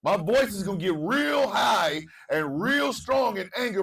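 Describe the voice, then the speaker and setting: Man, radio host, preachy monologue, gravelly, sits back from the mic. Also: high voice, sing-song, a little slow, hardly any pauses, distant mic. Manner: preachy, repeats phrases, swings from murmur to shouting. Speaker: morning show host. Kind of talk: impassioned monologue.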